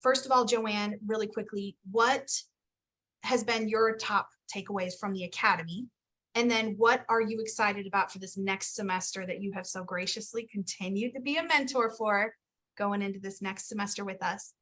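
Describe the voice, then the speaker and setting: Chatty upbeat woman running a video call, bright tone. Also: mid-range voice, normal speed. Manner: upbeat, chatty, laughs often, teasing. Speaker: host of a health coach program info session. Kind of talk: casual video call presentation.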